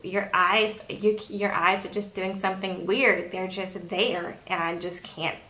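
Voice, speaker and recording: A woman's voice: medium pitch, steady tone, measured pace, bright, forceful tone, roomy sound. A woman voicing a manipulative young woman who picks fights, speaking in a cold, mocking, dismissive way. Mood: scornful.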